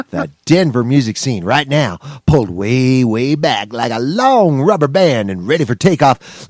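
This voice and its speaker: A man's voice: mid-range voice, no echo. A man co-hosting a live radio music show, upbeat and playful as he runs down the evening. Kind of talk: casual radio banter.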